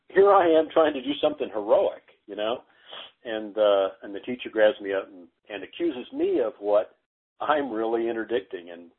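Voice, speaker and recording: A middle-aged man telling stories casually as a guest, halting, with many fillers and restarts. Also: fairly low pitch, slightly rough. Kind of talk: casual storytelling interview. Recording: phone-like narrow audio.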